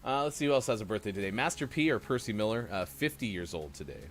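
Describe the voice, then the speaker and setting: A man's voice: fairly low pitch, lively intonation, fast. A man hosting a morning show, chatting casually and reading out birthdays in a jokey, self-mocking way.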